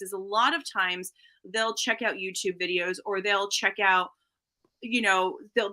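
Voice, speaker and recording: A woman's voice: on the high side, pushed and bright. A woman speech-language pathologist explaining voice training in an interview, demonstrating where the voice sits as she talks. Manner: demonstrates voice placement while explaining.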